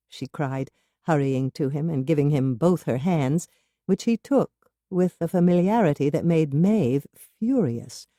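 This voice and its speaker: A woman narrating an audiobook with expressive, measured storytelling. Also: deep voice, no echo, studio quality.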